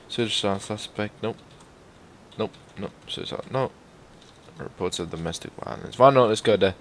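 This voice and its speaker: This is a gaming YouTuber with a fairly low voice at a normal speed, doing laid-back commentary on his gameplay. Excitable and foul-mouthed, he shouts out loud reactions and rambles to viewers while slight background noise sits underneath.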